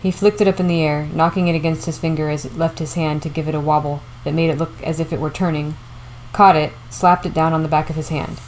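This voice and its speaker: A woman reading a novel aloud as audiobook narration, steady and measured. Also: deep voice, a little hiss or hum, low-quality recording. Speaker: audiobook reader.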